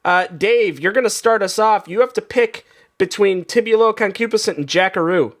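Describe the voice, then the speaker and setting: Man, comedy game host, high-pitched and playful, laughs easily through the banter. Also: normal speed.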